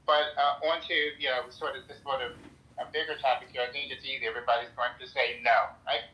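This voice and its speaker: A man's voice: mid-range voice, flat delivery, a little fast, pushed and bright, low-quality recording. An American man speaking earnestly in a casual discussion, with many restarts and "right?" asides. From United States. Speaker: guest speaker in an audio chat room.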